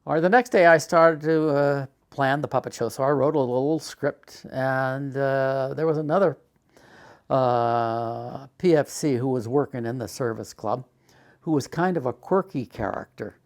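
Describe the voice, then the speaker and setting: An older man casually telling a memoir story, unhurried with frequent "uh" fillers. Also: mid-range voice. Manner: unhurried storytelling, many "uh" fillers, acts out quoted dialogue. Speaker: storyteller recounting his life.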